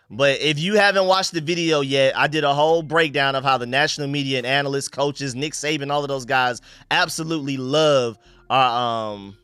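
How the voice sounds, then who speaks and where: A young man from North Carolina with a Southern drawl runs a casual live stream from his room. His voice is bright and crisp, a little higher than most men's, and dry with no room echo. He is animated and slangy and talks right to his viewers. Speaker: sports live-stream host.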